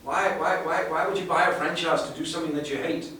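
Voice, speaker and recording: A sales trainer speaking emphatically to a live audience, asking rhetorical questions and repeating words for effect. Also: male voice, fairly high pitch, steady tone, fast, sharp tone. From South Africa. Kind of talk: live seminar talk. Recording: echoey room, far from the mic, faint hiss.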